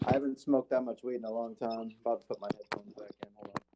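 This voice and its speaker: A man's voice: medium pitch, steady tone, quick pace, background noise. A man in a casual radio chat, chiming in with easygoing remarks.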